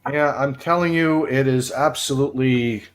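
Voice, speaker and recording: A man's voice: medium pitch, normal speed. A man, a former radio producer, telling a long, rambling story on a livestream and laughing along as he tells it. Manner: rambling, animated, laughs at his own story.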